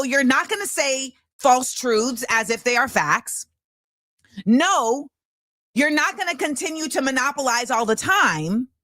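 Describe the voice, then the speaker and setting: A woman host in her thirties delivering an impassioned commentary monologue, emphatic and forceful, with repeated rhetorical phrasing. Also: a little high, no echo, clean studio sound.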